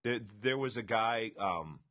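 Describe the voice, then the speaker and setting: A man co-hosting a podcast in casual chat, halting and repeating words as he thinks. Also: fairly low pitch, animated, pushed and bright. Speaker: podcast co-host.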